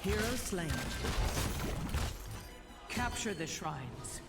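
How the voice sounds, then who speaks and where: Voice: medium pitch, sing-song, very slow, creaky, exaggerated voice. An actor voicing an ominous announcer in a video game, calling out slain heroes and objectives. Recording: roomy game audio under music.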